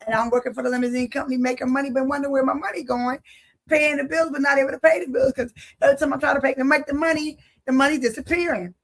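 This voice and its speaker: Woman, high voice, faith testimony, lively storytelling, preacherly. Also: rapid-fire. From Philadelphia. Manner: vivid storyteller, acts out dialogue; preacherly, addresses audience directly. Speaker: life speaker giving testimony.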